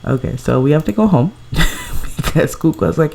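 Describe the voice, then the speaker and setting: A woman's voice: sits low, animated, normal speed, gravelly, noisy background. A woman giving casual, gushing commentary over a life-sim game she plays at home, chatting and laughing often. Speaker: let's play creator.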